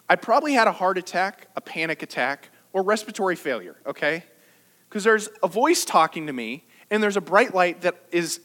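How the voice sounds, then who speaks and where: A man delivers a sermon in a bright, high voice that leaps up and down as he talks. He preaches like he's chatting with the congregation, teasing them with jokes and rhetorical questions. His tone swings with energy from line to line. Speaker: pastor. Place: church service.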